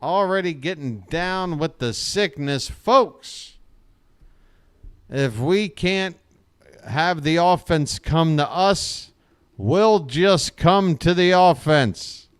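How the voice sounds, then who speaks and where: A man hosts live fan play-by-play of a baseball game in a folksy, joking way. His voice is smooth and clear, and he takes his time. The sound is dry and close-miked. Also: fairly high pitch, expressive, takes it slowly, dry recording. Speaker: play-by-play host.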